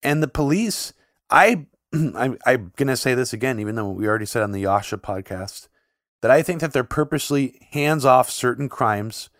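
A man co-hosting a podcast, talking in long casual runs full of "like" fillers and getting animated when something shocks him. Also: mid-range voice, normal speed, no room sound, clean studio sound. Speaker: podcast co-host. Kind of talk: casual conversational podcast chat.

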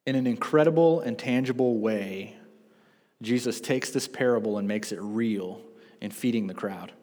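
A pastor delivers a sermon in a church sanctuary, telling animated stories with self-deprecating asides. His voice is fairly low and moves at a normal speed, with the long reverb of the echoing church hall around it.

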